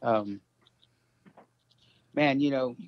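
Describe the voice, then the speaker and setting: Man, halting and emotional, lots of fillers, dull dry phone sound. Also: medium pitch, no room sound. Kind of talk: heartfelt personal sharing.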